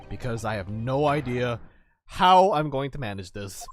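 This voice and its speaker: A man voicing an anxious, earnest young lawyer in low, worried inner monologue while reading a game aloud. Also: big pitch swings, normal speed, no echo, studio quality, faint music behind, close to an everyday voice. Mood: nervous.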